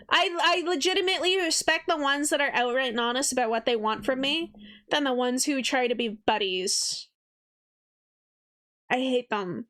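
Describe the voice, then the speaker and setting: A woman's voice: high-pitched, moderate pace, pauses often, bright, forceful tone. A young woman streaming live as an artist, chatting casually in a blunt, profane way and often mimicking people. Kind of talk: casual livestream chat.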